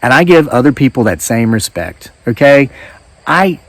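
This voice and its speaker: A man's voice: medium pitch, sing-song, normal speed, no echo. A man talks in an easygoing, wandering way, circling back on himself with asides. His voice sits in the middle range and sounds dry and close. Crickets chirp behind him outdoors. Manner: wry, rambling, self-interrupting storyteller. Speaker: vlogger. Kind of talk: casual storytelling monologue. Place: outdoors in woods.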